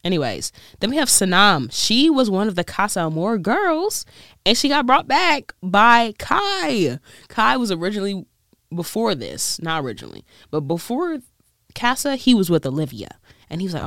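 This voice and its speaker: A woman's voice: mid-range voice, big pitch swings, normal speed, no echo, clean studio sound. A woman vlogger chatting casually and rambling, laughing often and trying out a weak British accent. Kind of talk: casual chat.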